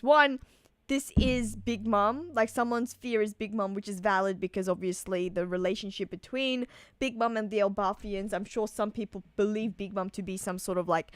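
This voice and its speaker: A woman's voice: a little high, smooth, no room sound, clean studio sound. A woman chatting casually on a live stream, reading out and answering viewer messages. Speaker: streamer reacting to a manga chapter.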